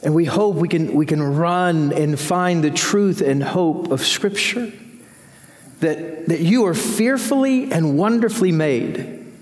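Senior pastor, man, earnest preacher with a slightly high voice, recorded in a reverberant church hall. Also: expressive, slow. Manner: earnest, rising in pitch when voicing Job's laments. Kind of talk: sermon.

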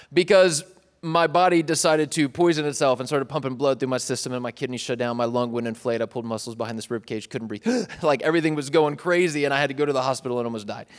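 A young man from East Tennessee preaches in a loose, conversational way, often poking fun at himself. His voice sits a bit high for a man. It echoes with the long reverb of a large hall. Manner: chatty, self-deprecating, joking with the crowd. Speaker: pastor. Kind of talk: casual sermon.

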